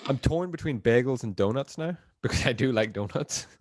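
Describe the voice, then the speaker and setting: A young man co-hosting a podcast, chatting casually and getting animated. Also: medium pitch, moderate pace, no room sound. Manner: animated, laughs, swears casually. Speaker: podcast co-host. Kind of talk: casual chat.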